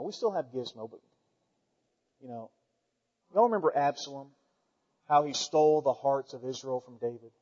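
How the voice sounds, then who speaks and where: A man preaching a folksy, animated sermon to his church, swinging between loud declarations and quiet asides. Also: mid-range voice. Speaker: pastor. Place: church sanctuary. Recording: dull sound with long hall reverb.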